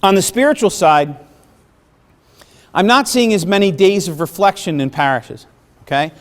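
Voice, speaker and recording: A middle-aged man gives a workshop presentation in a fairly high voice. He talks conversationally to a room of listeners and keeps checking that they follow. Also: expressive, normal speed. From the Bronx, New York. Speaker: presenter on parish planning.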